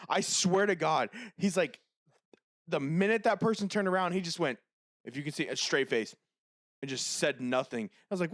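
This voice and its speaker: A man co-hosting a podcast in casual chat, laughing often, swearing freely and telling animated stories. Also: fairly high pitch, fairly quick, dry recording, studio quality. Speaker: podcast co-host.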